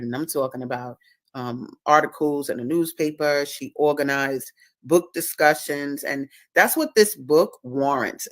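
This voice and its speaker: Low-voiced emphatic woman host. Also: dry recording. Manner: emphatic, preachy, repeats words for stress. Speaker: host and author. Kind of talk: casual livestream talk.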